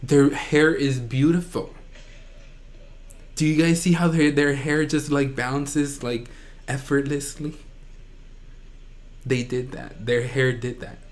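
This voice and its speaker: A man hosting a reaction video, gushing with excitement and often breaking into shrieks and squeals. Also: mid-range voice, slow, long pauses. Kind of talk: excited fan reaction commentary.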